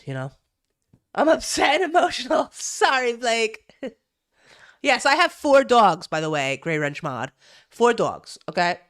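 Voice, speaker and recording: A woman's voice: low voice, fairly bright tone, dry recording, clean studio sound. A young woman from New Jersey chatting casually on a live stream, swearing freely and reacting to chat. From New Jersey, USA. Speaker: streamer reading the news.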